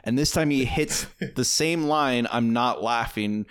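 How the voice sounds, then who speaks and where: A man co-hosting a film podcast, retelling scenes in a relaxed way with lots of fillers. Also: mid-range voice, measured pace, clear, resonant tone, dry recording, studio quality. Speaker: podcast co-host. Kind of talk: casual chat.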